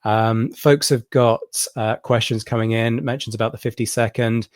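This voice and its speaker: A man's voice: medium pitch, steady tone, normal speed, no echo, clean studio sound. A man hosting a history livestream, explaining a battle in detail with frequent ums and restarts. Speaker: history channel host.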